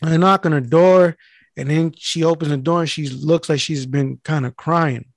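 A man tells a story in loose, casual chat, cursing often and jumping into the voices of the people he describes. His voice sits a little high. It is recorded close and dry, with no room sound. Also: fairly even intonation, moderate pace, vocal fry, no room sound. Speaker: mail carrier telling a story.

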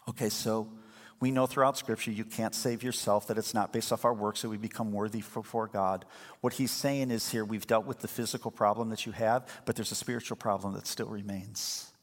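A man preaching a sermon as a pastor, telling the story with lively energy and acting out the voices of the people in it. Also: lowish voice. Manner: lively storytelling, acts out quoted speakers. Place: church sanctuary. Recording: long hall reverb.

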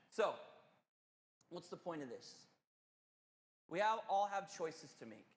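A male pastor delivers a sermon, telling a story to his congregation in an animated, earnest, conversational way. His voice sits high for a man, and a long reverb trails each phrase through the church hall. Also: slow pace, pauses often. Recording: echoey hall.

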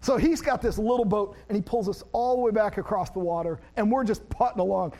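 Male pastor with a high voice, animated and self-deprecating in his stories, plain when teaching. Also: fairly quick. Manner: animated, self-deprecating storyteller who laughs at himself; shifts to plain teaching about scripture. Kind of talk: sermon with personal storytelling.

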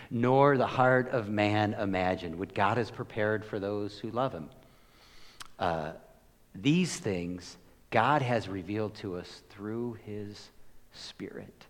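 A middle-aged man preaching a relaxed, story-filled sermon in a fairly low voice. He rambles warmly through anecdotes with fillers and laughs, swinging between loud and hushed. The sound carries a long reverb from a large hall. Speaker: pastor. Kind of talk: conversational sermon.

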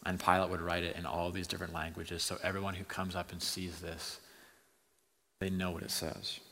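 A man with a fairly low but bright, forceful voice preaches a sermon. He drops to a near whisper and then builds to loud, fervent preaching. His voice rings out with a long reverb, as in a large hall. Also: level tone, moderate pace. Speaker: pastor.

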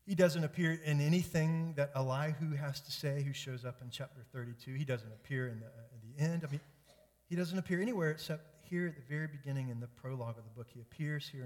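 Earnest man preaching in a reverberant church. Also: medium pitch. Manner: earnest, emphatic, repetitive build-ups. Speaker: pastor. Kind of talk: sermon.

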